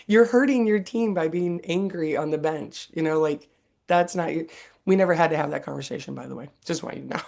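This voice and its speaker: A woman in her fifties hosting a podcast, chatting casually and telling animated stories with frequent laughter. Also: deep voice, a little fast, creaky. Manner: animated storyteller, laughs often. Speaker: podcast host. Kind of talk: casual interview chat.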